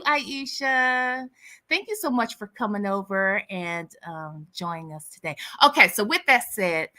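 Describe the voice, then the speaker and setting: Sassy woman chatting with her stream viewers, higher voice, real bright and bouncy. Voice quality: sassy, candid, drawling banter. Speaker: livestream host. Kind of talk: casual chat reading viewer comments.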